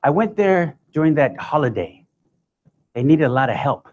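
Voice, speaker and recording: A man's voice: a little high, big pitch swings, normal speed, darkish tone, highs cut off. A man voicing his elderly father, who answers in a plain, matter-of-fact way. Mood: offhand.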